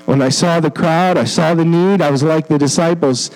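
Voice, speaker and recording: Man, high-pitched voice, missionary guest preacher, storytelling sermon, earnest, self-deprecating humor. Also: normal speed, darkish tone, poor audio. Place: church.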